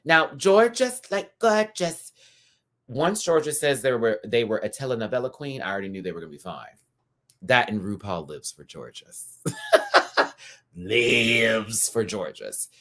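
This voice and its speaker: A man hosting a casual live review stream, campy and animated, chatting asides to his viewers. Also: medium pitch, moderate pace. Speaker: YouTube host reviewing a TV show.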